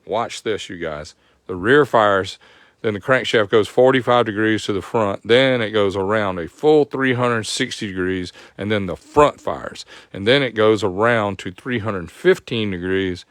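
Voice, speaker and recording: A man's voice: fairly low pitch, unhurried, no room sound, clean studio sound. A man with a Southern accent hosting a live-streamed technical lesson, explaining step by step in a folksy way and greeting viewers by name. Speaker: host.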